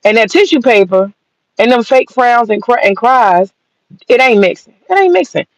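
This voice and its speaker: Animated and slightly high-voiced, a woman from the American South rants at a moderate pace, cursing with blunt, mocking sass. She's a commentator, and the recording is dry with a dull lo-fi sound.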